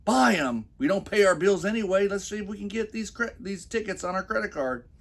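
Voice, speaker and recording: A man's voice: sits high, animated, brisk, pitched above the performer's own voice. A man doing a mocking impression of a boastful, swaggering rich husband.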